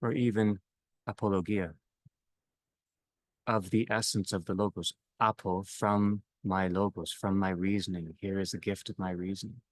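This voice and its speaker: A man with a very low voice leads a reflective theological talk. He speaks in slow, halting phrases that often fade softly at the end. The sound is dry and close, with no room echo. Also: level tone. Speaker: discussion leader.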